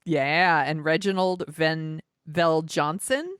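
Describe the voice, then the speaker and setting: Laughing podcast host woman, low voice. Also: fairly even intonation, slow pace, fairly bright tone, smooth, dry recording, studio quality. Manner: laughing, joking, swearing casually. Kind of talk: casual chat.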